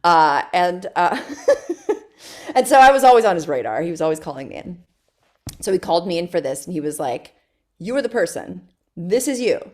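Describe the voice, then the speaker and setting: A woman actress as a podcast guest, telling stories in a chatty, animated way and laughing often. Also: lowish voice, brisk, long pauses. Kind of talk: casual interview chat.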